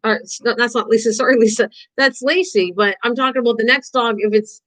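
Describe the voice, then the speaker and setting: A woman's voice: a little high, a little fast, fairly bright tone, poor audio. An older woman hosting a live crafting stream, chatting casually and rambling to her viewers and her dog while she paints.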